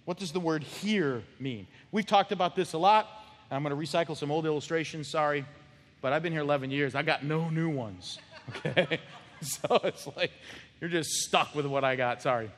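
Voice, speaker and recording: A man's voice: on the high side, moderate pace, fairly bright tone. A man preaching a sermon as pastor, acting out little scenes with shifting voices. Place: church sanctuary. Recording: long church hall reverb.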